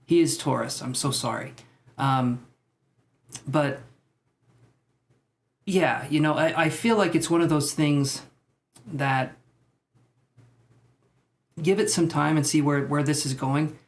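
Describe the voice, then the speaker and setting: A man with a fairly high, gravelly voice reads tarot on a live stream, taking it slowly and pausing often. He keeps the chat loose and jokey, rambling into asides to viewers between cards.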